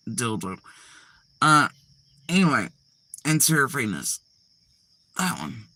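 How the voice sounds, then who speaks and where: A woman riffs through rambling, profane reaction commentary with her pitch swinging all over. Her voice has a bright, sharp edge, and she wanders off into foul-mouthed asides as she goes. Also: dry recording. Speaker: commentary channel host.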